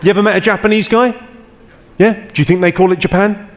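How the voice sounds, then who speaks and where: Male English stand-up, deadpan crowd work, echoing live hall. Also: high-pitched. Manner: deadpan, quick comebacks. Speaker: stand-up comedian. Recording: live theatre, long reverb and loud noise.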